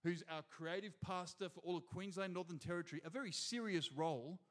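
Preaching a sermon a little fast, an Australian pastor uses a high, bright voice and lively energy. He keeps addressing the congregation directly from the front of the church hall.

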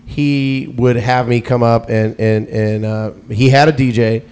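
A man's voice: medium pitch, steady tone, measured pace, a little mellow, clean tone. A man being interviewed, who tells a long story about his past as a DJ. He rambles, often starts a phrase twice, and laughs easily as he goes. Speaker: guest DJ.

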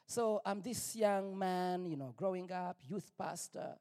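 High, lively-voiced male preacher, reverberant hall. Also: slow pace. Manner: emphatic, repetitive, rising to near-shouts. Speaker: pastor. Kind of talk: preaching testimony. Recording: long reverb, big hall.

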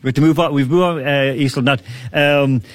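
A man hosting a casual sports chat, brisk and quick to laugh as he steers the talk. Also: medium pitch, steady tone, no echo. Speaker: host.

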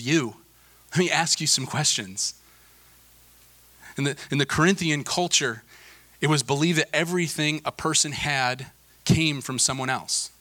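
Male pastor, thirties, sermon delivery, bright forceful tone, earnest with emphatic swells. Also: medium pitch. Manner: earnest, building to emphatic peaks then dropping soft.

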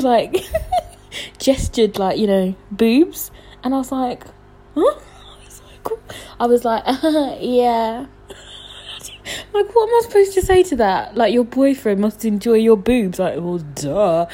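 A young woman, hosting a casual solo podcast from home at night, rambling and chatty with lots of fillers and laughs, talking quietly. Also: on the low side, slightly rough, rough recording. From London. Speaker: podcast host.

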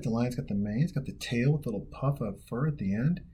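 A man's voice: mid-range voice, quick pace, dark tone, slightly rough. A man from Montana hosting a casual reaction video, rambling and jokey with plenty of profanity and trailing restarts. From Montana, USA. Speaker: video host reacting to a film.

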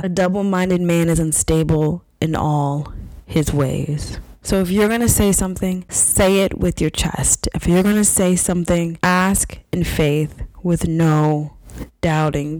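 A woman's voice: no echo, rough recording. Emphatic woman podcast host, dry sound. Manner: emphatic and animated, swinging into high excited bursts. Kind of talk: casual faith-based pep talk. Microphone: podcast microphone.

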